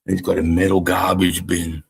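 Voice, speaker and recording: A middle-aged Australian army veteran hosting a live stream, telling a war story in a blunt, profane, casual way. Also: male voice, low-pitched, monotone, moderate pace, vocal fry, rough recording.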